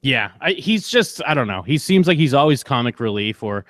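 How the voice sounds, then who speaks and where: A man's voice: mid-range voice, sing-song, normal speed, fairly bright tone, no echo, studio quality. A young man co-hosting a podcast in casual chat, loose and jokey, now and then slipping into mocking voices. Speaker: podcast co-host.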